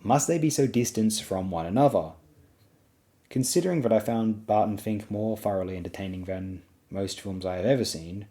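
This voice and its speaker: A man's voice: sits low, mellow. A young man narrating a spoken film essay, emphatic and repeating words for stress.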